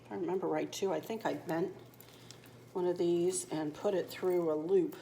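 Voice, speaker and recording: A woman's voice: lowish voice, steady tone, moderate pace, gravelly, background noise. A woman chatting homily through a decorating tutorial in her kitchen, laughing easily as she works. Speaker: home decor vlogger. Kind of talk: casual crafting tutorial chat. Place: home kitchen.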